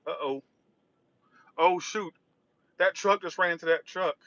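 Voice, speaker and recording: While driving, a tarot reader livestreams and chats casually, rambling and reacting to his chat. His voice sits high and a little bright, he speaks unhurriedly, and the sound is lo-fi.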